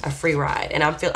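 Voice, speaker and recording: A woman with a low voice talks through a tarot reading in a loose, chatty way. She is blunt and candid, sighs often, and swears casually as she goes. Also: a bit bright, slight background noise. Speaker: tarot reader.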